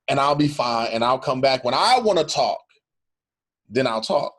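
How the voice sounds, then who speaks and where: A man's voice: mid-range voice, animated, a little slow, pauses often, a bit bright. A middle-aged male pastor talking earnestly in a reflective conversation, repeating phrases for emphasis.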